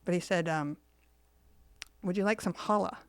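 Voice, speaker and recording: A woman's voice: on the low side, normal speed, dry recording. A woman co-hosting a podcast, telling a story in casual chat and acting out the quoted lines. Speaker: podcast co-host.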